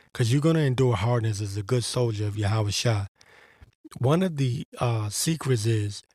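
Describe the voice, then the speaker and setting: A man's voice: medium pitch, a little mellow, no room sound, studio quality. A man giving a blunt, profane religious monologue as host, in an exasperated and crude manner. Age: adult veteran.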